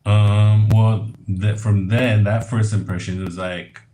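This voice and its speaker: A man guesting in a casual chat, slow and hesitant with dry jokes and many pauses. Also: on the low side, little pitch movement, mellow, a little hiss or hum. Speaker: radio host guest.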